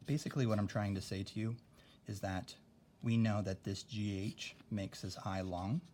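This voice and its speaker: A young male teacher with a slightly low, darkish voice guides a spelling lesson patiently and carefully, keeping a steady tone at normal speed and checking in with "okay?" A faint hiss runs beneath the recording.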